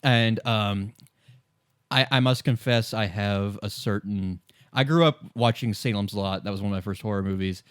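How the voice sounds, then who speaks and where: A man's voice: on the low side, moderate pace, clean tone, no echo. A man in his thirties talks through a game in easy podcast chat, his voice dry and close with no room around it. He is wry and sarcastic and breaks into laughter often. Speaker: podcast co-host. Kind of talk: casual chat.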